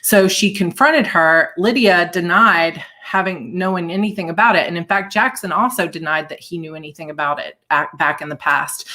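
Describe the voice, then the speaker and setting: A woman reading her own novel aloud on a live stream, chatting casually between chapters. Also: fairly low pitch. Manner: conversational and chatty in recaps, steady in first-person narration. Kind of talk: live audiobook reading with chat.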